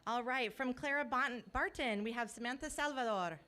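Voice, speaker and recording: A woman's voice: on the high side, moderate pace, sharp tone, a little hiss or hum. A woman calling up students at a school board award ceremony, friendly and careful to say each name right. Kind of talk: reading names at a ceremony. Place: school board meeting room.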